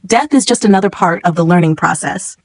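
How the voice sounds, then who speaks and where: A cruel substitute chemistry teacher speaks with calm, clipped contempt, read by a woman. The sound is dry and close, with no room around it. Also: lowish voice, a little fast, no echo. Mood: cold, mocking.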